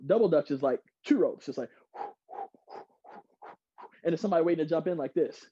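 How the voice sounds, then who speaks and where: A man giving an energetic online workshop, reading out audience replies and laughing often. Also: fairly high pitch, a little fast, husky, no room sound, muffled recording. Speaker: workshop speaker. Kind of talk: interactive online workshop talk. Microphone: video call.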